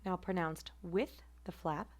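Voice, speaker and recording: A woman teaching a phonetics class, repeating example words slowly and carefully. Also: fairly low pitch, steady tone. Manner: careful, deliberate word repetition. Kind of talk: slow online pronunciation lesson.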